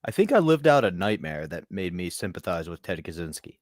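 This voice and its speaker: A man co-hosting a casual podcast, telling an anecdote with dry, deadpan humor. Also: deep voice, brisk, no echo. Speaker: podcast co-host.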